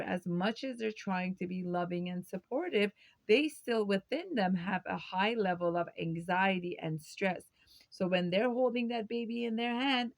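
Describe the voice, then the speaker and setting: A woman's voice: mid-range voice, vocal fry, dry recording. A woman hosting her own video, giving a reflective educational talk to camera and posing rhetorical questions. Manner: reflective, poses rhetorical questions, occasional fillers.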